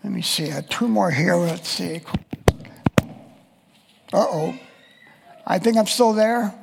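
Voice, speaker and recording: A man's voice: high voice, takes it slowly, gravelly, long reverb tail, slight background noise. A man preaching a sermon, reading scripture passages aloud and explaining them. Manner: reads scripture aloud and quotes voices of the text.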